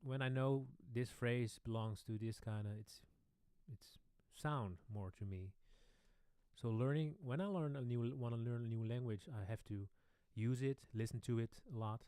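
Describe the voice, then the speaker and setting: A man, a pianist casually answering questions on his own live stream Q&A, relaxed and rambling. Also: mid-range voice, moderate pace, clean tone, no echo, clean studio sound. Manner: relaxed, rambling, chuckling asides. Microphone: studio microphone.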